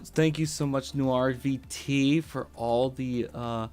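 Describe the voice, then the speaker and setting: A man's voice: mid-range voice, fairly even intonation, takes it slowly, a little mellow, clear, resonant tone, faint music behind. A young man streaming live, gushing thanks to his viewers with many fillers and repeated words. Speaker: VTuber streamer. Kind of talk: excited live-stream chat.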